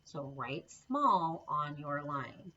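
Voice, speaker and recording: A woman's voice: sits low, big pitch swings, extremely slow, pushed and bright, highs cut off, a little hiss or hum. A woman teaching a recorded phonics lesson to children, patient and encouraging, spelling out letter sounds one by one. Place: home classroom setup with a board.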